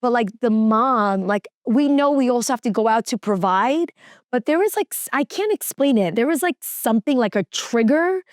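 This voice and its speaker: A woman's voice: fairly high pitch, lively intonation, normal speed, no room sound. Woman, podcast guest, middle-aged, earnest storytelling, filler-heavy, dry recording. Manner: chatty and earnest, many "like" fillers and restarts. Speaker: guest, TV news reporter and working mom. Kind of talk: casual podcast chat, personal storytelling.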